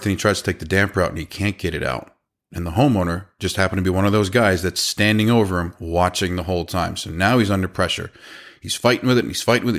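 Brief: lowish man in his thirties, casual animated storyteller, quotes people as he goes. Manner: animated, quotes people in their own voices. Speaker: business owner telling a story.

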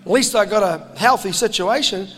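New man, preaching, animated, high voice, long hall reverb. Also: normal speed. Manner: animated, jokey, puts on voices. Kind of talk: impassioned sermon to a crowd.

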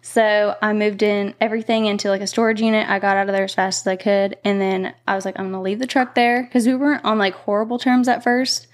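A woman's voice: mid-range voice, little pitch movement, fast, few pauses. A woman guest telling stories in casual chat, peppered with "like" and "oh my God.". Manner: chatty, peppered with 'like' and 'oh my God'. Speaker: podcast guest. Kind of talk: casual storytelling.

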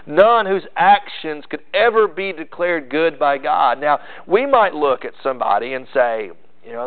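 A man delivering a sermon, emphatic and insistent, piling up repeated phrases for stress. His voice sits a little high for a man. The recording is thin and tinny, like a phone line. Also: expressive, measured pace. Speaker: pastor.

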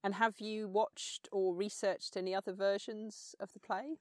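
A woman's voice: mid-range voice, flat delivery, unhurried, a little mellow, dry recording, clean studio sound. A woman hosting an interview, asking long, thoughtful questions. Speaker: podcast host, interviewer. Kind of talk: conversational interviewing.

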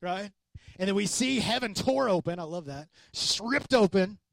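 A man preaching a sermon as a pastor, animated and conversational, acting out quoted voices. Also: high voice, moderate pace, creaky, no room sound.

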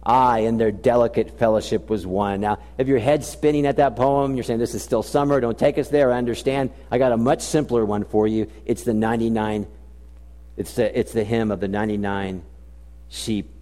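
A man preaching with a dark, mellow voice that rises loud and urgent and then sinks low and slow. His words ring out with the long reverb of a large church hall. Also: steady tone. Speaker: pastor. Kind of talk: sermon.

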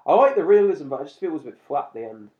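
A man's voice: fairly high pitch, sing-song, very fast. A man co-hosting a casual podcast, chatting and laughing often as he reviews a cartoon episode. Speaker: podcast co-host. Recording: slightly muffled lo-fi recording.

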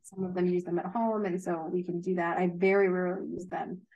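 Gentle, low-voiced childhood educator. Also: female voice, level tone, brisk, gravelly, rough recording. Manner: thoughtful, gentle, hedging with fillers. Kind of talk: casual advice chat.

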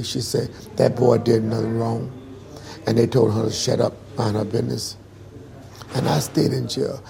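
A man's voice: mid-range voice, vocal fry, warm tone. A man in his sixties, interviewed, telling a hard personal story earnestly and emphatically, acting out what people said. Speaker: interviewee, singer.

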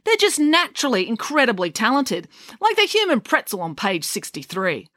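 Woman playing an excitable bossy young girl. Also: fairly high pitch, normal speed, no echo, clean studio sound, voice pushed up. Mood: scheming. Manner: excitable and emphatic.

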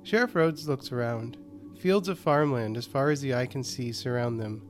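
A man hosting a horror podcast and narrating a scripted short story in a calm, even delivery. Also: mid-range voice, normal speed, a little hiss or hum.

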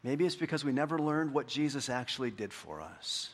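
A male pastor preaching a sermon, building to fervent emphatic peaks and then dropping soft and slow for scripture. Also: medium pitch, lively intonation, husky.

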